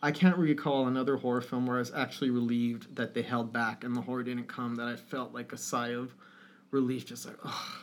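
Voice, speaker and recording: A man's voice: medium pitch, flat delivery, brisk. A man with an ordinary mid-range voice talks casually about films with a co-host. He speaks with feeling, drops swear words freely, and laughs now and then. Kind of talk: casual film discussion.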